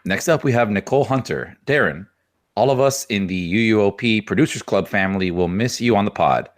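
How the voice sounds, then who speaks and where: A man's voice: fairly low pitch, fairly quick. A man co-hosting a podcast, reading out listener messages and laughing between them. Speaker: podcast co-host.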